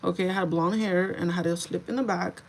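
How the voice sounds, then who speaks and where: A woman's voice: on the low side, fast talker, creaky, slight background noise, poor audio. Chatty young woman telling a story. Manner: chatty, animated, swears freely, switches into Spanish. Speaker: livestream host. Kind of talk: casual storytelling to viewers.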